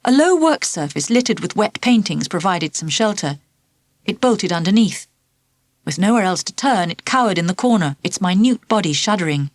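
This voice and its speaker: A woman narrating a children's storybook in an expressive, lively storytelling manner. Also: mid-range voice, moderate pace, no echo. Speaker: audiobook narrator.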